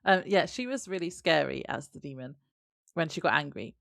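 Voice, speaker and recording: A woman co-hosting a podcast, chatting casually with quick, lively reactions. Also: low-pitched, vocal fry, no echo, studio quality. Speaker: podcast co-host. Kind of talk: casual chat.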